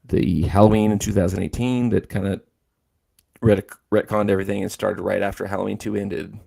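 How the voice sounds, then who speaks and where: A man's voice: on the low side, flat delivery, fairly quick, gravelly, mellow, slightly rough. A man hosting a casual livestream chat, talking in a rambling, filler-heavy way. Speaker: host.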